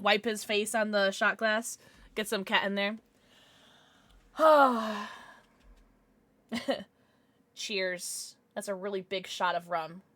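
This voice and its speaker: Een jonge vrouw die als streamer luchtig en giechelend met haar chat praat, met een heldere, levendige stem en een droge opname zonder galm. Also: female voice, medium pitch, fairly bright tone, no room sound. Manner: chatty and giggly, reacting to chat. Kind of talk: casual livestream chat. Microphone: desk microphone.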